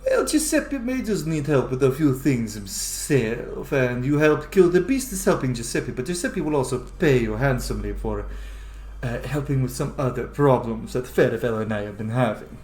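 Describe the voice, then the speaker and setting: A man's voice: mid-range voice, very animated, normal speed, a little mellow, close to an everyday voice. A man voicing a jovial rabbit-folk innkeeper and smuggler who talks about himself in the third person, recorded with a roomy echo. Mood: smooth.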